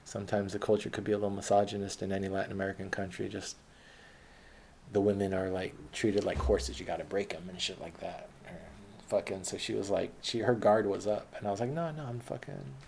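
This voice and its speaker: A young man tells a story from his own life in a loose, rambling way, swearing as he goes. His voice sits low, with a gravelly fry. A faint hiss runs underneath. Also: little pitch movement, brisk, a little mellow. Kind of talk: casual autobiographical storytelling.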